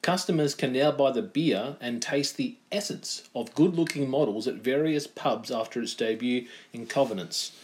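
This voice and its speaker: A man co-hosting a podcast, chatting casually and reading weird news headlines aloud in a deadpan way. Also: mid-range voice, moderate pace, few pauses. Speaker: podcast co-host.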